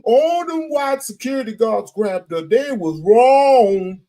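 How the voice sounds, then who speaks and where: A man's voice: extremely high pitch, lively intonation, warm tone, voice pushed up, heavily acted. A man mocking a whiny, sanctimonious critic. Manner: whiny, drawn-out mockery.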